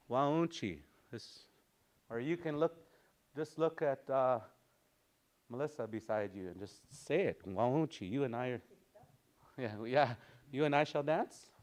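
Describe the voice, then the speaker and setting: A man teaching a language class, patiently repeating words for his students. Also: medium pitch.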